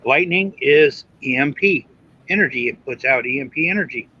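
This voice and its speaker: Mid-pitched male co-host, animated storyteller, dull stream sound with faint hiss. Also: moderate pace. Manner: animated, mimics others' lines. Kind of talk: casual storytelling chat. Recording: muffled lo-fi stream audio.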